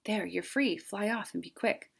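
A woman's voice: medium pitch, normal speed, creaky, breathy edge. Woman reading as a firm little mother mouse. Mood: urgent. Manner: firm and authoritative.

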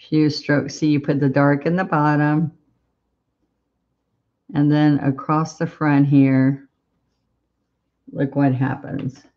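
A woman leads a live painting lesson in an unhurried, fairly level voice, chatting to viewers as she works. The sound is a little dull, like live-stream audio. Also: low-pitched. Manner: chatty, encouraging, talks to viewers while painting. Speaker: painting instructor.

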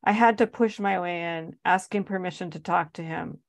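A woman with a lowish voice and a gravelly, fry-edged texture reads from her memoir. She delivers it earnestly and with strong emotion. The sound is close and dry. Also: normal speed, no room sound. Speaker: author reading her own work. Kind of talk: reading a memoir aloud.

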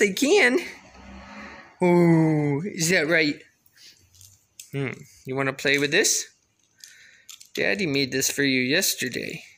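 A father gently coaxing his baby in a home video, sometimes turning playfully dramatic. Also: a little high.

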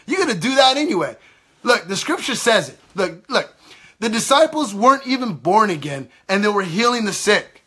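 A man's voice: high voice, big pitch swings, normal speed, sharp tone, slightly rough. A man giving an impassioned sermon, emphatic and repetitive, acting out the other side of quoted exchanges. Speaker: preacher.

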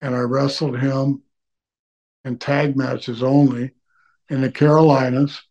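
Gravelly older man, slow rambling stories. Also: medium pitch, level tone. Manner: rambling storyteller, bursts into loud whooping. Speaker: interviewee, retired wrestler. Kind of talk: casual shoot interview. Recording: dull lo-fi audio.

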